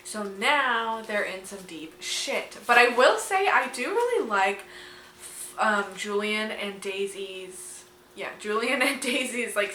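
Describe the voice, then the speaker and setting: A woman's voice: medium pitch, sharp tone, a little hiss or hum. A young woman talking casually to camera about a book she is reading, chatty and gushing, swearing freely. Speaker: book vlogger. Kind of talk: casual reading vlog chat. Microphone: camera mic, no external microphone. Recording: echoey room.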